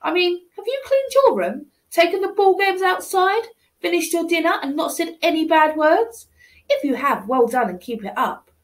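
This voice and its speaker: A woman reading a children's picture book aloud, animated and exclaiming, with pleading asides. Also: very high voice, moderate pace. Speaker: storybook reader.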